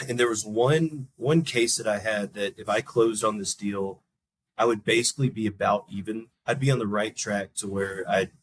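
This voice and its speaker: A man's voice: fairly low pitch, breathy edge. A young adult man, a podcast guest, telling a long personal story in a loose, rambling way and acting out the people in it with a raised voice. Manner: animated storyteller, acts out quoted people in a raised voice; loose, rambling talk with many restarts. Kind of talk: casual storytelling interview.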